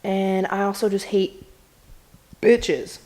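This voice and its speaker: Young woman vlogging, rambling story, swears a ton, does the quotes in a higher voice. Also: level tone, slow pace, a little mellow. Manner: chatty, swears a lot, acts out quotes in a higher voice. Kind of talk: casual storytelling vlog.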